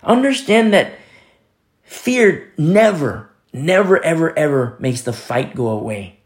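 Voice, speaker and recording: A man delivers a sermon at an unhurried, deliberate pace, his voice sitting slightly high for a man. He drives points home by repeating short phrases and drifts into a casual, storytelling tone with fillers. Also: sing-song. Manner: emphatic, repeats phrases for stress. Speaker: preacher.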